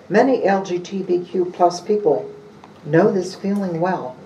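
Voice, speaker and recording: A preacher delivering a sermon after a scripture reading, speaking in short, measured phrases. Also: medium pitch, mellow, highs cut off. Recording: roomy and distant with faint room noise.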